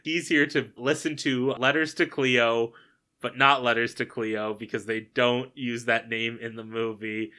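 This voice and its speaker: Male co-host, bright clear tone, casual and incredulous movie-recap chatter. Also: mid-range voice, unhurried. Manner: animated, incredulous, swears casually. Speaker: podcast co-host.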